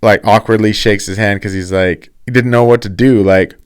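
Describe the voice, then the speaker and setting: Brief: male host, low, smooth voice, loose rambling commentary. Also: fairly even intonation, normal speed. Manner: rambling, frequent restarts and fillers. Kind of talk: casual opinion commentary.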